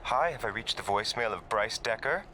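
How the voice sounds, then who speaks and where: A gushing film director. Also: male voice, fairly low pitch, expressive, fairly quick, sharp tone, a little hiss or hum. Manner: effusive, dramatic. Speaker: video game character.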